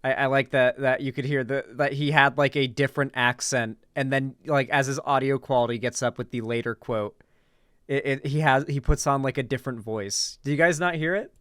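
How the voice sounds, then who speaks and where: Smooth-voiced young man rambling casually. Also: medium pitch, fairly even intonation, brisk, a bit bright, dry recording, clean studio sound. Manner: rambling, many fillers and restarts. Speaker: streamer reacting to a video. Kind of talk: casual live commentary.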